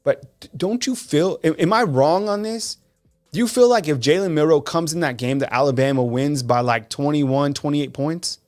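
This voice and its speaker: Male host for a live sports call-in show, animated and conversational, faint music underneath. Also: fairly high pitch, moderate pace. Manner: animated, conversational, reads fan comments aloud.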